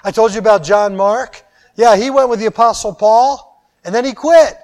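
High-voiced animated male preacher. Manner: animated, swings from loud emphasis to quiet drawn-out endings. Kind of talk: sermon.

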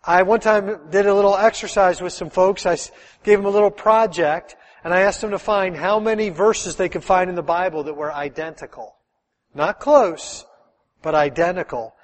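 A middle-aged man, a pastor, preaching a sermon in a lively, conversational way full of rhetorical questions. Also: high voice, moderate pace, big-room sound.

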